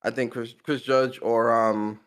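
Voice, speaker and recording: Podcast co-host, a man with a mid-range voice, relaxed and blunt. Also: medium pitch, a little slow, smooth. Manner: laid-back, blunt and profane. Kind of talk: casual gaming podcast chat.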